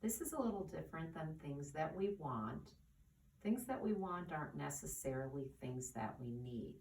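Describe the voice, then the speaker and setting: A woman teaching young children at church, speaking gently and asking them questions. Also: low-pitched, lively intonation, vocal fry, a little hiss or hum. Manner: slow, soft and coaxing, asks the children questions. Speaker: children's catechist. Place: church classroom. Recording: roomy, distant camera audio.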